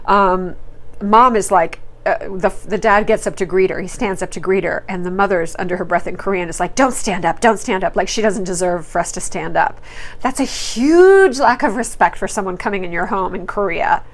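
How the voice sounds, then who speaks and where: A woman's voice: medium pitch, moderate pace. Chatty woman recapping reality TV. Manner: chatty and opinionated, with fillers and quoted asides. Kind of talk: casual commentary.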